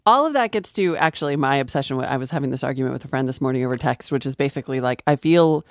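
A woman's voice: rumbling low, lively intonation, racing, no room sound, clean studio sound. A woman from the US West Coast co-hosting a podcast who talks in a chatty, enthusiastic, casual way. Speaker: podcast co-host. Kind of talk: casual chat.

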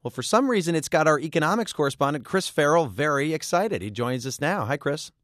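Male radio news anchor, brisk conversational read, dry booth. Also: on the high side, lively intonation, a bit bright, dry recording. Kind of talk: scripted news reading and interviewing.

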